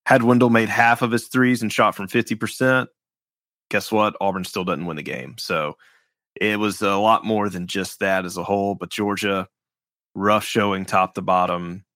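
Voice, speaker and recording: Low-voiced man on a sports podcast. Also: fairly even intonation, normal speed, fairly bright tone, no room sound, clean studio sound. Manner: rambling, restarts phrases, wry about stats. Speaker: podcast host. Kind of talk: casual sports podcast chat.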